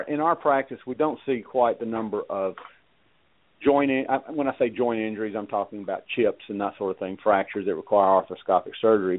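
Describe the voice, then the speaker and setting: Folksy Southern man, low, on a phone line. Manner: halting, folksy, many fillers and restarts. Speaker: equine veterinarian guest. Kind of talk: radio interview.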